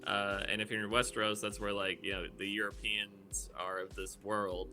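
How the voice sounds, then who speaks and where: A man's voice: on the low side, little pitch movement, normal speed, over music. A man co-hosting a casual podcast, speaking bluntly with frequent swearing and rambling filler words. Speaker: podcast co-host.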